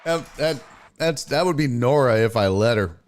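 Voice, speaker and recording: A man's voice: mid-range voice, animated, normal speed, a little hiss or hum. A man hosting a live stream show, chatting casually and profanely and greeting viewers by name. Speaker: podcast host on a live stream. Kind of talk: casual chat, reading out live chat.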